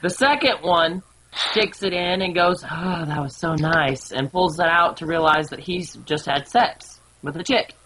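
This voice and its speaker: Woman, lowish voice, casual joke-telling, giggly, game commentary. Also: measured pace, noisy background. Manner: giggly, laughs at her own jokes. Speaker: gameplay commentator.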